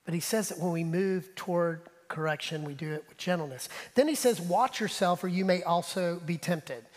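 High-voiced animated preaching man. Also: moderate pace, in a large hall. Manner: animated preaching, drops to soft asides; talks straight to the congregation. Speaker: pastor. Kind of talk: sermon. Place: church sanctuary.

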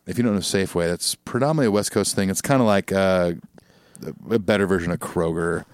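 A deep-voiced man co-hosts a podcast, talking fast in a casual chat full of rambling, jokey stories and reading listener emails out loud. His tone is clear and resonant, with no room sound.

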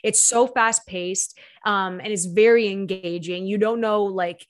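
A woman's voice: mid-range voice, steady tone, unhurried. Young adult female co-host, casual film chat, rambling and gushing, heavy filler words. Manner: heavy use of "like", trailing off, gushing.

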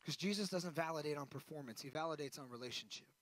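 A man preaching a sermon as pastor, swinging between loud emphasis and hushed, intense passages. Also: fairly high pitch, fast, no room sound.

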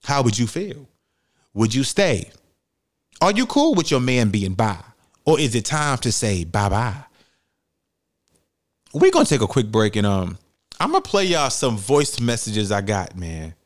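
A young man hosting a solo podcast, talking bluntly and heatedly with lots of swearing. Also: mid-range voice. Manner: blunt, profane, heated commentary. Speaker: podcast host.

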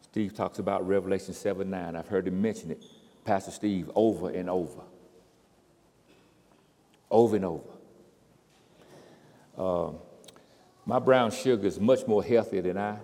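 A man preaching a sermon, swinging from quiet storytelling to loud, impassioned crescendos. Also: on the low side. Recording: reverberant hall.

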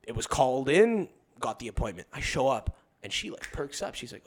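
Young male podcast guest, mid-pitched, casual and profane, tells anecdotes and does quick voices of others. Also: sing-song, slight background noise. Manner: profane, rambling storyteller.

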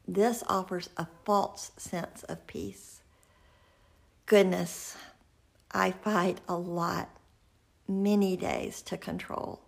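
An earnest woman teaches a devotional message. Her voice is gravelly and husky, and she often drops into a soft whisper for emphasis. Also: fairly low pitch, fairly even intonation, very slow, pauses often. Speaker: Christian speaker.

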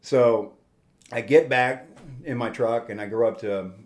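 A man's voice: medium pitch, measured pace. A man in his forties, a guest telling a personal testimony in a plainspoken, rambling way, with restarts and quoted dialogue.

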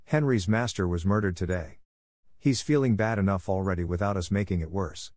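A man's voice: low voice, brisk, darkish tone, no echo, clean studio sound, close to an everyday voice. A man voicing a kindly female dog who keeps the peace, speaking earnestly. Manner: earnest, pleading.

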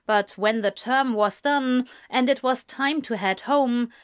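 A woman narrating a romance story in a measured audiobook reading. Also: fairly high pitch, clean tone.

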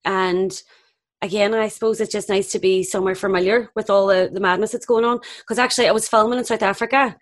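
A woman's voice: mid-range voice, fairly even intonation, fast talker. A woman with a Northern Irish accent, a guest sharing candid anecdotes in a casual chat. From Northern Ireland. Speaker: actress guest.

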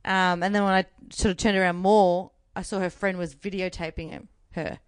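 A young woman with an Australian accent, co-hosting a casual chat and telling a story with animated swearing. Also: lowish voice, normal speed, clear, resonant tone, no room sound. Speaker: podcast co-host.

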